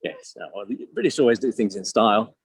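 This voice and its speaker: A man's voice: lowish voice, expressive, quick pace, breathy edge. A man with an Australian accent guiding a live virtual tour, joking and asking his audience questions. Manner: chatty, jokey, asks the audience questions.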